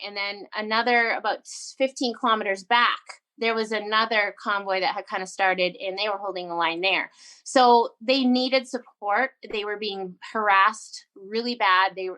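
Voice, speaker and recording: A woman telling a personal story in a casual interview, animated and emphatic, acting out her own quoted lines. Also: mid-range voice. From Canada. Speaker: guest entrepreneur.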